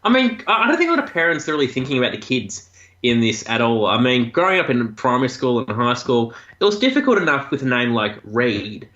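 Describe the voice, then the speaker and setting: A man chatting as a podcast co-host, his bright voice leaping around in pitch. The sound is roomy and a bit dull and lo-fi. He laughs often and pushes his voice high for emphasis. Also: sing-song, a little fast. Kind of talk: casual chat. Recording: echoey, dull lo-fi room sound.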